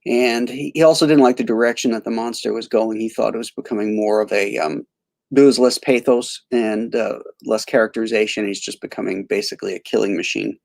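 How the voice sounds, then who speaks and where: A man's voice: on the low side, fairly even intonation, fairly quick, gravelly, a little mellow, no echo. A man hosting a casual film commentary, rambling with many fillers and restarts. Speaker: host.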